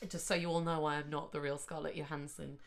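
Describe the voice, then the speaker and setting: A woman's voice: low voice, little pitch movement, fast, gravelly, slight background noise. A young woman co-hosting a podcast, teasing her friend with probing questions in casual chat. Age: young adult. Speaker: podcast co-host.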